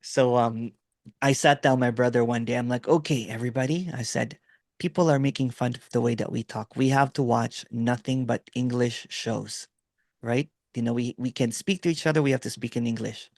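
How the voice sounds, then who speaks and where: A man's voice: medium pitch, fairly even intonation, moderate pace, darkish tone, no room sound, studio quality. A middle-aged man from the Philippines with a Filipino accent, rambling through a story in casual video-call chat with lots of fillers and "right?". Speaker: host.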